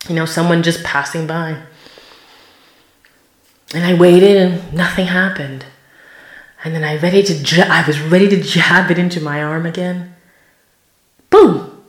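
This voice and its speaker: A woman telling a personal story, expressive and acting out her own quoted words with sudden jumps in pitch and loudness. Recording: roomy echo.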